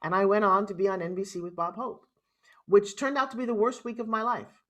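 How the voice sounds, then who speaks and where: Animated storytelling woman with New York accent. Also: mid-range voice, a little fast. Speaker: guest. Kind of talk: storytelling interview.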